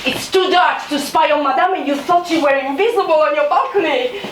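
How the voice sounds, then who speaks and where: A live stage drama features an actress with a high voice, speaking a little fast and close to her everyday voice, as a bitter young maid who is scornful, fierce and resentful. She mocks sarcastically and bursts out suddenly, heard through a distant room mic in an echoey small theatre, with faint noise.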